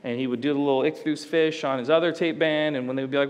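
A man's voice: on the high side, fairly even intonation, racing, in a large hall. A male pastor preaching a sermon in a church, conversational and storytelling, slipping into acted quotes. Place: church sanctuary.

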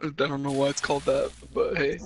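A man's voice: medium pitch, level tone, a little fast, a little hiss or hum. A man chatting casually with friends while gaming, rambling and now and then singing along to a song. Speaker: gamer streaming with friends. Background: music playing.

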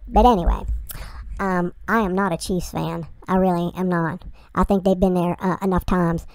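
A woman's voice: on the low side, steady tone, moderate pace, a little mellow, no room sound. A woman hosting a reaction video, chatting bluntly and rambling through asides. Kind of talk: casual reaction commentary.

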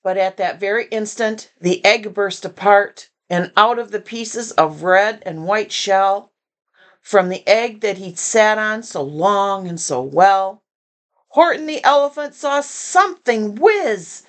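An older woman reading a children's picture book aloud with gentle, chatty asides to young listeners. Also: mid-range voice, animated, takes it slowly. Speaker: storybook reader.

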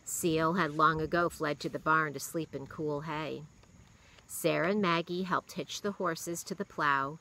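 A woman reading a children's novel aloud in a steady, expressive way. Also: sits low, measured pace, poor audio. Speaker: reader.

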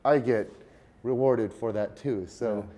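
A man who is a fitness entrepreneur, a guest on a podcast interview, telling stories in a lively way and often restarting his words. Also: medium pitch, takes it slowly. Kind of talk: casual interview storytelling.

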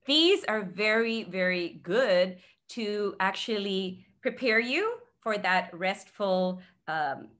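Chatty woman sleep expert, quick laughs. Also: mid-range voice. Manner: chatty, laughs between points, animated emphasis. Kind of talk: casual podcast advice.

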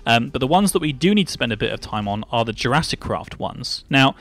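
A man's voice: medium pitch, animated, a little fast, fairly bright tone. A man hosting a casual Minecraft gameplay chat, explaining things step by step with lots of fillers. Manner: chatty, laughing, explains step by step. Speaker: host.

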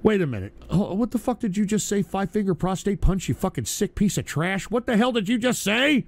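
A man's voice: high voice, sing-song, a little fast, vocal fry, slight background noise. A man hosting a live online radio show, ranting in exasperation and swearing at his chat. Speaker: livestream radio show host. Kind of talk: profane live stream rant.

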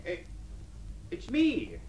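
A man's voice: slow pace, a little mellow, natural voice. An actor in a radio drama playing an awkward workman who stammers and hesitates. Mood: flustered. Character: awkward flustered male workman. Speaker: the Plumber.

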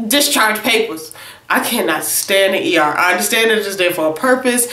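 A young woman tells a casual storytime vlog, animated and chatty, often tagging "okay?" onto her sentences. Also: mid-range voice, roomy sound. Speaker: vlogger.

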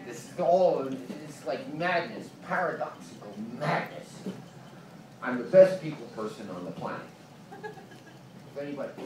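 A man doing a rambling stand-up set, swinging between mumbling and ranting, recorded from far off in a small club. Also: a little high. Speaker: stand-up comedian. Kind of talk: open-mic stand-up set. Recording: echoey club from far off, noisy.

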